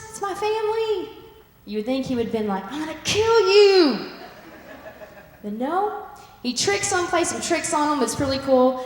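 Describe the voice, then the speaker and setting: A woman preaching a sermon and retelling a story with lively acted-out voices. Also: fairly high pitch. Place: church sanctuary. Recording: echoey church hall.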